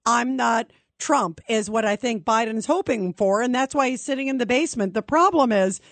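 A woman's voice: fairly high pitch, a little fast, no echo. A woman radio talk show host from Brooklyn, giving emphatic, opinionated commentary and taking callers. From Brooklyn, New York. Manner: emphatic, opinionated, takes calls.

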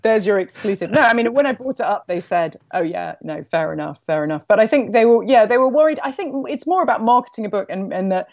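A woman author being interviewed on a podcast, speaking in a thoughtful, measured way. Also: on the high side, lively intonation, a little mellow, dry recording, lo-fi sound. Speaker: author guest. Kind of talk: conversational interview.

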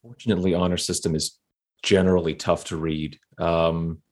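A man playing a tabletop game, describing his character in a measured, deadpan way. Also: low voice. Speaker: player. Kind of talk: casual tabletop play.

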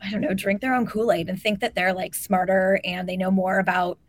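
A woman co-hosts a casual sports talk show, pressing her opinions emphatically and scattering "like" throughout. Her medium-pitched voice shows little pitch movement, her pace is brisk, and the recording is dry.

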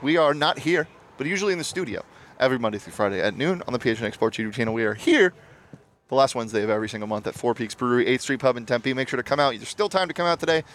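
A man hosting a casual sports betting show, recorded live at a pub, upbeat and quick with his plugs and sign-offs. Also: mid-range voice, a bit bright.

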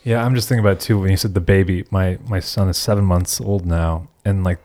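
Male host, low voice, earnest, conversational. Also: steady tone, fast, darkish tone. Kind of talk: casual chat.

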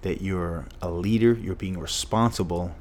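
A former football player from Massachusetts, middle-aged, spins stories as a podcast guest at a moderate pace. His voice is deep and a bit mellow. He's emphatic and fond of repeating lines for effect.

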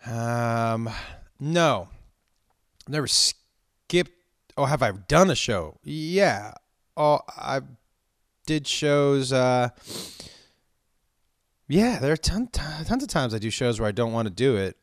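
A comedian telling stories in casual chat, swearing often and ranting with animation. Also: male voice, mid-range voice, slow, long pauses, no echo, studio quality. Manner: profane, animated storytelling rants.

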